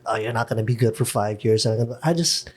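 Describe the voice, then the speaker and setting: A man's voice: fairly low pitch, fairly quick, husky. A man in his forties hosting a casual chat, blunt, outspoken and openly confident in his opinions. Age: 40s. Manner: blunt, self-assured and outspoken. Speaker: host. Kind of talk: casual conversation.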